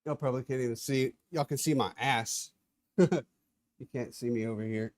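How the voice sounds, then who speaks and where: Guy on a livestream just talking through his setup as he goes, normal pitch, moving round a carpeted room. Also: normal speed, a little mellow. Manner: chatty, narrating his own hands-on tasks, moving around the room. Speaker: livestream host. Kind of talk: casual live-stream chat while working. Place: indoor room with carpeted floor.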